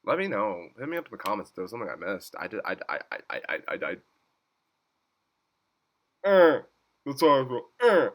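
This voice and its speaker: Animated bright-voiced man recapping a show. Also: on the low side, a little fast, long pauses. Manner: animated, laughs a lot, swears freely, squeals when excited. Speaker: YouTube reviewer. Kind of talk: casual episode recap.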